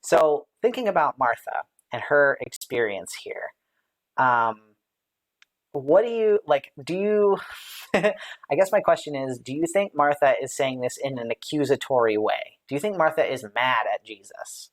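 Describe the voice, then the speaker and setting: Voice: medium pitch, expressive, a little slow. A Bible study leader on a live stream, thinking aloud with lots of fillers and light laughs, and answering viewer comments as they come in. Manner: reads out viewer comments and responds to them.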